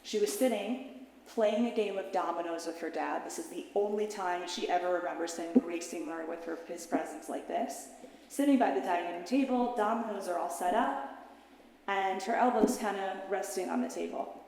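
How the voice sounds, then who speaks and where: A woman's voice: moderate pace, gravelly. Woman telling a story in an echoing hall. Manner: dramatic, swinging from hushed to loud and high. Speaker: mentor and teacher. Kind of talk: emotional storytelling talk to an audience. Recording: echoey hall with long reverb.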